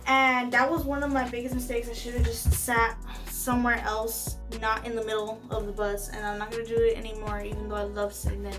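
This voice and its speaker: A woman's voice: a little high, recorded from a distance. A young woman vlogger telling a casual storytime into a phone camera, chatty and emphatic, with many fillers of "like". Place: indoors at home.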